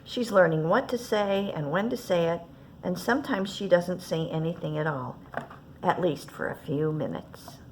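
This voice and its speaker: A woman children's librarian reading picture books aloud at story time in a gentle, expressive way. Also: fairly low pitch, normal speed, slight background noise.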